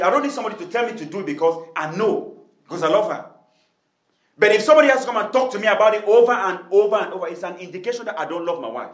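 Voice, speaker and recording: A man's voice: high-pitched, roomy sound, poor audio. A man preaching a sermon as pastor, with repeated amens and hallelujahs, then leading the congregation in prayer and speaking in tongues. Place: church hall.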